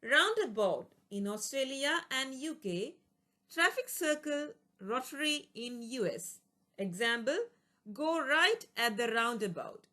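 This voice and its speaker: Bright, lively woman teaching vocabulary. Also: fairly high pitch. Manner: reads word lists with plain explanations and examples. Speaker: English teacher. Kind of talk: reading a vocabulary lesson.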